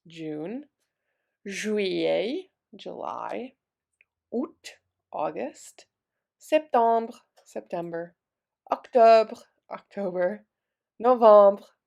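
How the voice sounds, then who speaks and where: Slow, gravelly-voiced woman teaching French. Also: lowish voice, a little mellow. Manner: slow, patient drilling with repeated words. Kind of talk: vocabulary lesson, repeating words then translating.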